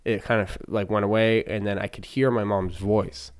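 Low-voiced man telling a long story. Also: fairly even intonation, normal speed, smooth. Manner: rambling, lots of fillers and restarts. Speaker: podcast co-host. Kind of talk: casual chat, storytelling.

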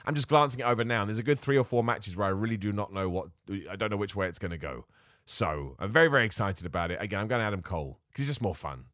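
An excitable man talks through his picks on a solo podcast, mocking himself as he jumps from one idea to the next. His pitch is middling but swings up and down a lot. The sound is close and dry, with no room echo. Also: quick pace. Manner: excitable, self-mocking, jumps between ideas. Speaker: podcast host.

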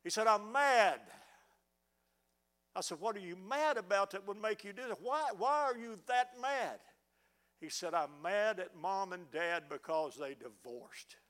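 Man, pastor, high voice, fervent sermon, repeats words as he restarts. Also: lively intonation, normal speed, a bit bright. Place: church sanctuary.

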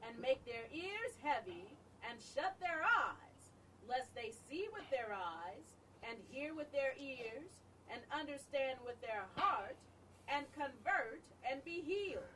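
A high, lively-pitched woman reads scripture aloud in a slow, measured cadence. She sits away from the mic, with faint room ambience around her voice. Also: far from the mic, slight background noise, poor audio. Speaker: scripture reader in a church class.

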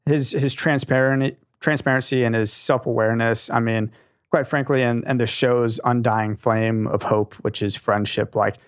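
A young man co-hosting a casual podcast, talking in an animated, rambling way with a lot of enthusiasm. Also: mid-range voice, moderate pace, no room sound, studio quality. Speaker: podcast co-host.

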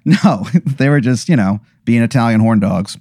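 A man's voice: mid-range voice, normal speed, darkish tone, no echo, clean studio sound. A man improvising a comic scenario as the storyteller, rambling with fillers. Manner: rambling, with fillers, laughing at his own bits. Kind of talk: improvised comedic narration.

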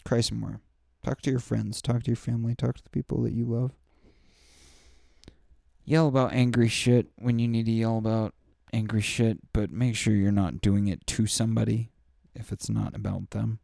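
A man's voice: on the low side, little pitch movement, moderate pace, gravelly, warm tone, no room sound, clean studio sound. A young man hosting a podcast, talking in a rambling, profane and heartfelt solo rant full of fillers. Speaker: podcast host. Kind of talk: candid solo podcast monologue.

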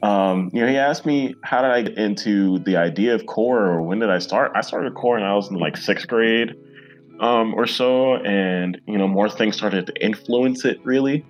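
Faint music plays behind the lo-fi recording of a podcast guest, a comic creator in his 20s who chats casually, eagerly and ramblingly with many fillers. His voice is on the low side at a moderate pace.

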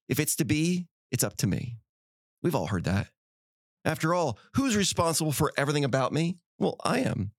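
A man's voice: on the high side, creaky, dry recording, studio quality. A man hosting a podcast, delivering a motivational monologue with an emphatic, repetitive preaching cadence. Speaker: podcast host.

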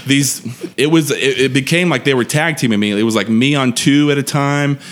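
A man's voice: mid-range voice, a little fast, a little hiss or hum. A man in his thirties tells a long story on a podcast. He rambles and swears freely, and he breaks into laughter often. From Texas. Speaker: podcast guest. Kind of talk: casual storytelling.

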